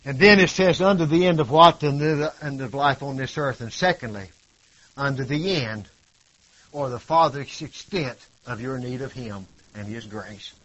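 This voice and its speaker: A man preaching a sermon, swinging from loud cries to hushed tones and leaning on rhetorical questions and repetition. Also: medium pitch, moderate pace. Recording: dull lo-fi recording.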